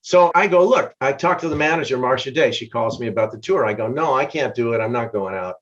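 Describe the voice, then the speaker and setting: Older man telling a lively road story. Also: mid-range voice, quick pace. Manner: lively storyteller, laughs mid-sentence. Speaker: guest musician. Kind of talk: casual storytelling interview. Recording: dull lo-fi sound.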